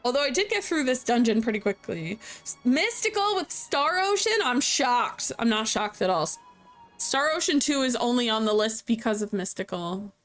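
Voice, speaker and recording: With soft music playing in the background, a sleepy young woman chats and jokes with her viewers while streaming a game, laughing a lot and reading the chat out loud. She speaks at a moderate pace in a high-ish, sing-song voice with a fairly bright tone.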